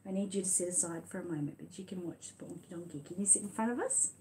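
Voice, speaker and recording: A woman's voice: lowish voice, fast talker, a little hiss or hum. Chatty Australian woman reading aloud. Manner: chatty, talks to viewers and child; animated storytelling, braying sound effects. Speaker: channel host reading a story aloud. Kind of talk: casual chat and storybook read-aloud. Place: home room with lights dimmed.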